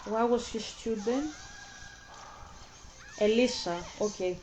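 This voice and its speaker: Rambling woman host, higher voice. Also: slow pace, darkish tone, slight background noise, poor audio. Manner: rambling, stumbling over words, exasperated. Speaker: reaction video host. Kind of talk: casual reaction commentary.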